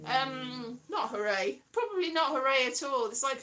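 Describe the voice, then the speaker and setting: A woman's voice: high-pitched, expressive, normal speed, hardly any pauses, bright, forceful tone. A woman rambling through a playful comic monologue, singsong and fond of silly voices. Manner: playful, sing-song, slips into silly voices. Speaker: vlogger.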